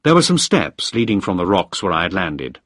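A man narrating a first-person story in a measured, firm way. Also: deep voice, big pitch swings, fairly bright tone, breathy edge, no room sound, studio quality. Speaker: audiobook narrator.

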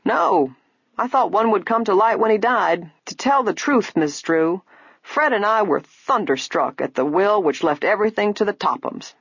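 A woman's voice: mid-range voice, animated, normal speed, creaky, breathy edge, no echo, voice pushed up. A woman reading an audiobook, voicing a tall, gray-haired man who is a disappointed fruit farmer. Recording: dull, lo-fi, dry.

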